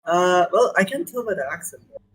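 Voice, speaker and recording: A man with an Indian accent, part American, talking in a casual podcast chat, animated and given to repeating words for emphasis. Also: high-pitched, a little fast, slightly rough, rough recording. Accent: Indian, mixed with American.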